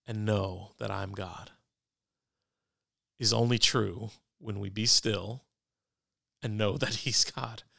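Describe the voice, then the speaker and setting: A man talks casually about faith as a podcast co-host, his voice gravelly with a bright, forward edge. He is self-deprecating and conversational, often restarting his sentences. The sound is close and dry. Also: lowish voice, fairly even intonation, takes it slowly, pauses often, dry recording.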